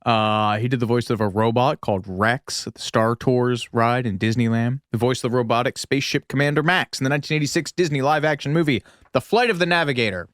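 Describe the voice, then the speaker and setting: A man's voice: medium pitch, a little fast, hardly any pauses, fairly bright tone, dry recording, studio quality. A man co-hosting a podcast, chatting casually and reading out facts with joking asides. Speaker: podcast co-host.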